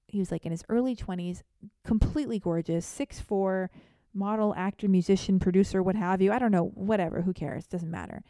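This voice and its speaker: A woman telling a funny personal story in an animated, self-deprecating, theatrical way. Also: medium pitch, brisk, no room sound, clean studio sound. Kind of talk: comedic storytelling monologue.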